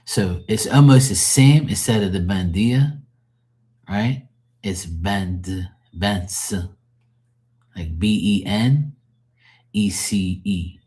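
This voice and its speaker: Speaking low and a little mellow, a man of Portuguese family, born in the country he streams in, reads tarot live. He rambles in a relaxed way, filling gaps with fillers while explaining words to his audience.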